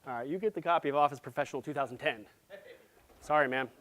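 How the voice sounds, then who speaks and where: A man giving a live conference presentation, playful and jokey, with quick asides to the audience. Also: mid-range voice, a little hiss or hum. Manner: grows loud and excited as he goes. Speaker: conference speaker.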